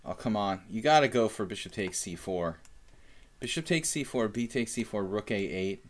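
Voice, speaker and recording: A man's voice: on the low side, lively intonation, normal speed. A young man chatting casually while analyzing chess moves on a live stream, thinking aloud with fillers.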